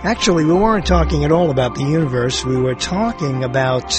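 A man's voice: a little high, animated, fairly quick, music in the background. A man hosting his own show, rambling playfully and amusing himself as he talks. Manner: playful, meandering, self-amused with frequent laughs. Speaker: podcast host. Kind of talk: rambling solo monologue.

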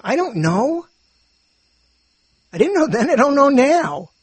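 A man's voice: very high-pitched, big pitch swings, slow pace, no echo. An older man rambling through a meandering, self-interrupting monologue, chuckling as he muses.

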